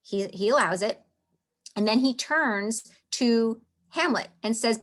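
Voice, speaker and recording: A woman's voice: on the high side, slow pace. Chatty woman teaching a literature lesson. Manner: chatty, many fillers and restarts. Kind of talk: casual explanatory lesson.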